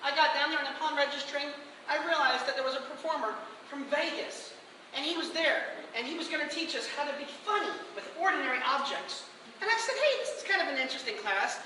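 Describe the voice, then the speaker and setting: A man's voice: very high voice, quick pace, bright, forceful tone, a little hiss or hum. A man giving a humorous contest speech, telling a playful story to an audience in a hall, recorded from far off. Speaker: contest speaker.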